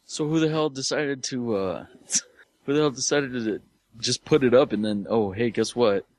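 A man's voice: mid-range voice, moderate pace, a little mellow. A man co-hosting a casual podcast, joking and laughing often as he banters. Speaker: podcast co-host.

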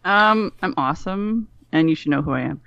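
A woman's voice: low voice, animated, normal speed, creaky, lo-fi sound, heavy background noise. A woman guesting on a podcast, chatting playfully with plenty of giggles and self-mocking jokes. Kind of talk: casual podcast chat.

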